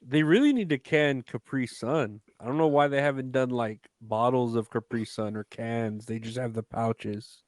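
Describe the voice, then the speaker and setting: Relaxed young man, dry close sound. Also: mid-range voice, moderate pace, few pauses, dry recording. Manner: relaxed, hesitant, lots of fillers. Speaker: podcast co-host. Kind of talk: casual chat.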